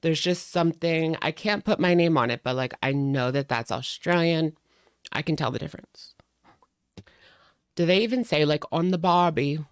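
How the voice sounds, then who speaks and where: A woman's voice: sits low, expressive, moderate pace, smooth, no room sound, studio quality. A young woman hosting a live stream, chatting casually in a rambling way and greeting viewers by name.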